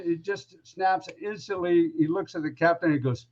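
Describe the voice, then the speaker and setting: A man's voice: fairly high pitch, normal speed, hardly any pauses, a little mellow, highs cut off. A man who is a podcast guest, telling a story casually and rambling with lots of asides.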